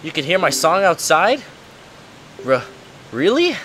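A man's voice: fairly high pitch, sing-song, unhurried, slight background noise, voice pushed up. A man voicing a polite little male plant-creature musician with a put-on British accent, over game music. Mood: chatty. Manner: gentle, polite and earnest.

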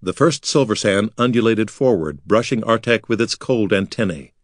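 A man reading a fantasy novel aloud as an expressive audiobook narrator. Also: fairly low pitch, moderate pace, no echo, clean studio sound. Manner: lively, expressive storytelling.

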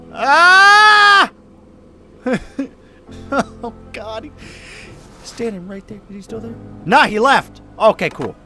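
A man's voice: very high voice, sharp tone. A young man doing let's play commentary on a horror game, jumpy and swearing, screaming when scared. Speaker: gaming YouTuber.

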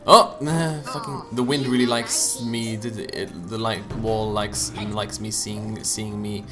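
A young man giving casual gaming commentary, joking, swearing and punning, with sudden loud outbursts. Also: fairly low pitch, fairly even intonation, a little slow. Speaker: let's play gamer. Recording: game music behind the voice. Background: game music.

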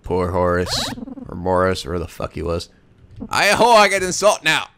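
A young man hosting a comedic video game let's play, excitable and profane, breaking into laughter and silly voices. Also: sits low, normal speed, noisy background.

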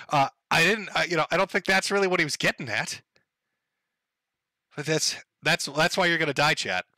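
A man riffs to his livestream chat in a loose, profane comedic rant, restarting sentences and laughing as he goes. His voice sits a bit high and sounds bright and pushed. The sound is dry and close, with no room echo. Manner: profane, rambling, laughs often. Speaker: livestream host.

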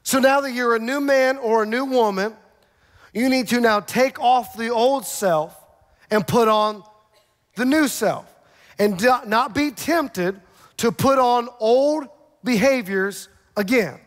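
A man with a high, bright-edged voice preaching with energy, pressing his listeners with rhetorical questions and quick jokes. His voice rings through a large church auditorium with a long reverb tail. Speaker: pastor. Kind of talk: sermon.

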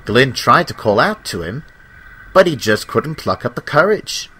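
A man narrating a children's train story in a measured, expressive storybook style. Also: mid-range voice, very noisy.

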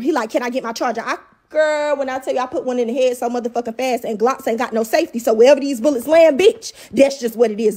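A woman's voice: high-pitched, warm tone. A young woman telling a story in a heated, profane, casual rant. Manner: heated, profane, fast-rising outrage. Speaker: storyteller in a viral clip.

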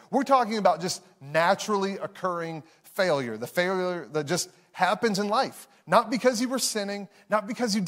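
A man, preaching a sermon in a conversational, self-deprecating storytelling way to a live congregation. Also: on the high side. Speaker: pastor.

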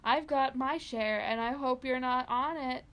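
A woman's voice: high-pitched, a little slow, fairly bright tone. A woman co-hosting a podcast, reading a horror story aloud in a dramatic way and laughing between lines. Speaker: podcast co-host.

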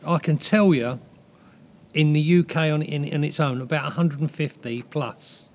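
A man hosting a casual interview, asking halting questions and giving short affirmations. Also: on the high side, a little mellow, slight background noise. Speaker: interviewer, host.

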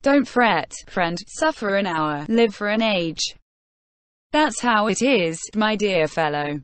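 A man's voice: high-pitched, expressive, slow, clean tone, no echo, exaggerated voice. Small, kindly old peasant soldier as read by a synthetic woman's voice; tender sing-song delivery, folksy and reassuring, audiobook. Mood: soothing. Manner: homely folksy sayings, warmly reassuring.

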